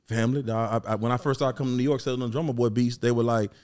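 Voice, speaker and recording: Here the Memphis guest, a middle-aged rapper and producer with a Southern accent, talks rapid-fire in a clear, resonant, slightly mellow mid-range voice with a steady tone. The interview is casual, and he rambles, leaning on "you know what I'm saying."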